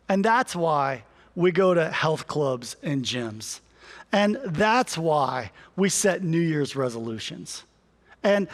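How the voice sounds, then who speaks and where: A man's voice: on the high side, big-room sound. A man preaching a sermon as pastor, telling stories and moving into earnest appeals. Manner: storytelling, shifts from lively anecdote to earnest preaching. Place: church sanctuary.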